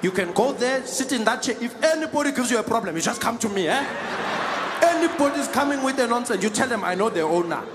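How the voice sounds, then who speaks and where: A man's voice: extremely high pitch, expressive, fast talker, voice pushed up. A man playing a pushy South African passenger. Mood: cajoling. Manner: insistent, cajoling. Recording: live stand-up with noisy crowd.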